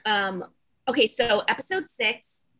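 A woman co-hosting a podcast, chatting casually and gushing, acting out quotes in quick bursts. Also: a little high, crowd noise. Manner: gushing, animated, acts out quotes. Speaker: podcast co-host. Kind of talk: casual chat.

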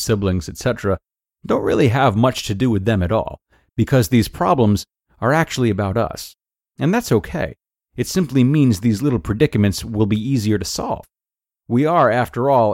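Low-voiced male podcast host, dry studio sound. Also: dry recording. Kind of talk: narrating a blog post.

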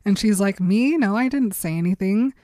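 Animated woman retelling a story. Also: medium pitch, moderate pace, no room sound. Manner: animated retelling, acting out quotes with laughs. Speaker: podcast co-host recapping a book. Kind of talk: casual chat.

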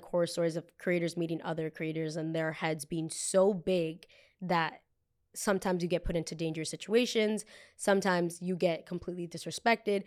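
A young woman from New Jersey hosts a casual storytime podcast, blunt and animated, with a voice on the low side. She curses freely and acts out what other people said.

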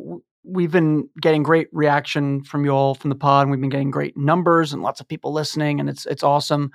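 A man's voice: on the high side, vocal fry, dry recording, studio quality. A man in his fifties hosting a podcast, bantering playfully in casual chat. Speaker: podcast host.

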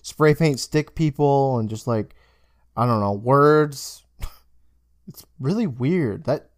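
Young guy on a podcast, super animated retelling, voices jumping around, dry close sound. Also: mid-range voice, slow, no echo. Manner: animated storyteller, acts out characters' lines. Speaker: podcast co-host. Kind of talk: casual chat recapping a TV episode.

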